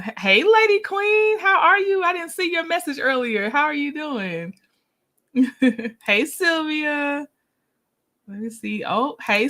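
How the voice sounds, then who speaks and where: A woman's voice: on the high side, bright, forceful tone. A woman hosting a casual livestream, greeting viewers by name and laughing often. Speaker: livestream host.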